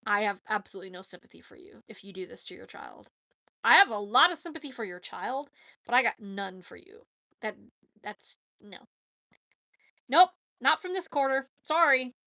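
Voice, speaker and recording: A woman's voice: a little high, animated, normal speed, bright, forceful tone, dry recording, clean studio sound. A woman chatting casually on a live stream, answering viewer questions in a blunt, opinionated way and often correcting herself mid-sentence. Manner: frank, with frequent fillers and self-corrections.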